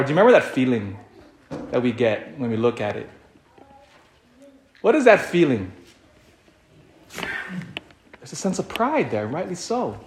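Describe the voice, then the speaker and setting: A man giving a sermon as a priest, animated and full of rhetorical questions, often repeating himself. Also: mid-range voice, roomy sound, slight background noise. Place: church.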